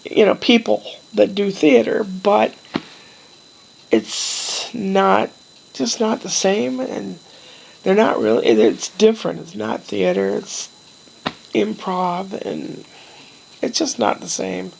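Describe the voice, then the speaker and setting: A middle-aged woman talks to her vlog camera at an unhurried, drawn-out pace. Her voice is heavily gravelly with vocal fry. She wanders from story to story in a wistful, meandering way, pausing often. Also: mid-range voice, darkish tone, low-quality recording. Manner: slow, meandering, wistful, with pauses and trailing sighs. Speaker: vlogger. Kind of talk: casual personal vlog, rambling storytelling.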